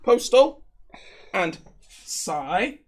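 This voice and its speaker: A man's voice: high-pitched, big pitch swings, very slow. A man co-hosting a live stream, reading out viewer messages and trading playful banter. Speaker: co-host reading super chats. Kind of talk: casual live-stream chat.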